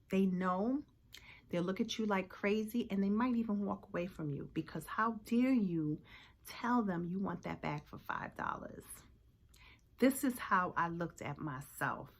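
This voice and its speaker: A woman in her forties giving a personal motivational talk to camera, earnest and reflective. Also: medium pitch. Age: 40s. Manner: earnest, reflective, many fillers. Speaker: vlogger.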